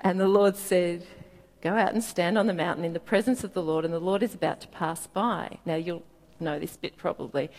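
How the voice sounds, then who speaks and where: A woman preaches in a soft, reflective way, reading scripture aloud and pausing for small laughs. Her voice sits slightly low. It rings out with a long reverb, as in a large hall. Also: steady tone. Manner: gentle, reflective, laughs softly at times. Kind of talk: sermon with Bible reading.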